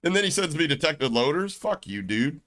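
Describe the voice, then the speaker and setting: A man's voice: fairly high pitch, sing-song, normal speed, a bit bright. A middle-aged man with a Southern US accent, ranting brashly and profanely on his livestream. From United States. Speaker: streamer. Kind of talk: casual livestream rant.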